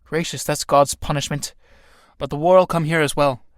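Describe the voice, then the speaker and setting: A man's voice: a little high, steady tone, moderate pace, no room sound, clean studio sound, close to an everyday voice. A man reading the part of a dour, pious old female nurse in an audiobook of a play, in a preachy way. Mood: gloomy.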